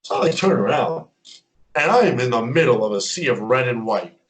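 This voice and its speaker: Animated man telling stories. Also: medium pitch, brisk. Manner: animated storyteller who acts out quotes. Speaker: podcast guest, fan club member. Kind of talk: casual podcast chat.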